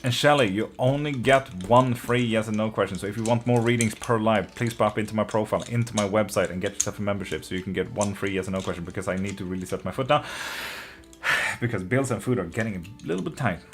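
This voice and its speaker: A man with a lowish voice runs a casual tarot live stream, reading out viewer comments as he goes. He swears freely, laughs a lot and turns openly affectionate toward his audience. Soft music plays faintly behind him. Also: quick pace. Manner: loose and profane, swears freely, laughs often.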